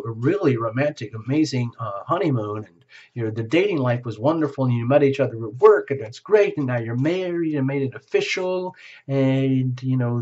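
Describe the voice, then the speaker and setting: A man's voice: mid-range voice, darkish tone, lo-fi sound. A man giving a casual tarot reading who talks in a chatty way, laughs often and acts out bits of dialogue. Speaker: tarot reader. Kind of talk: solo tarot reading to camera.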